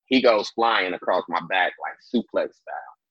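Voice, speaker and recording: A man with a very low, husky voice tells a story in a casual interview, acting out quotes and swearing freely. The recording is dry and a little dull. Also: moderate pace, no room sound. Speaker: interview guest. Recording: dull lo-fi sound.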